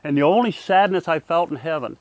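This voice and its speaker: An older man, a Vietnam veteran, telling his near-death experience in an earnest, halting way with many restarts. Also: on the high side, darkish tone, no echo. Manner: earnest, halting, frequent repeated starts. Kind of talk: personal testimony.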